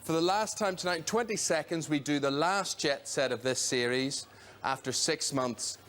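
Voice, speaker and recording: A man's voice: on the high side, normal speed, fairly bright tone, slight background noise. A man hosting a game show, speaking to the studio audience with dry, self-deprecating humour.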